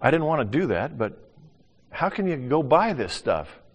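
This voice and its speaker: A man's voice: medium pitch, normal speed, breathy edge. Older male preacher in a reverberant hall. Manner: animated, acts out voices, swings from loud to hushed. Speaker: pastor. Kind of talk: sermon.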